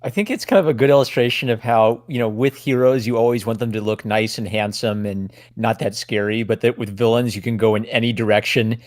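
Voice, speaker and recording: A man's voice: on the low side, brisk, hardly any pauses, dry recording. Easygoing man on a dry mic. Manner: thoughtful, easygoing, chuckling. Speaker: podcast co-host. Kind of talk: casual podcast chat.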